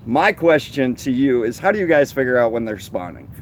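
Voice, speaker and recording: A man with an ordinary mid-pitched voice chats on a live fishing stream at night, asking his partner questions and thinking aloud. His talk is loose and conversational. Faint outdoor noise sits behind him. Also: big pitch swings, a little fast. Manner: asks questions, chatty and loose. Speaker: fishing show co-host. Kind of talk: casual live-stream chat.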